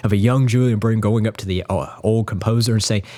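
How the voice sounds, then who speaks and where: A man's voice: on the low side, steady tone, brisk, mellow. A man speaking casually and earnestly as a guitar YouTuber, rambling in admiration. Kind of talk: casual spoken tribute.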